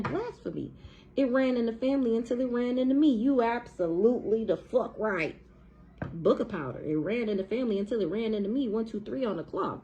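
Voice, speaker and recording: A woman's voice: mid-range voice, dark tone, a little hiss or hum, low-quality recording. A woman with giving a blunt, profane, heated tarot reading to camera in a casual monologue. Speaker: tarot reader.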